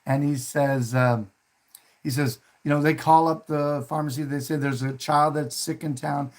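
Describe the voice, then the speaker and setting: A man's voice: a little high, steady tone, normal speed. A man hosting a casual talk, retelling a film scene in a rambling way with many fillers and restarts, and acting out quoted lines in a raised voice. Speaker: host.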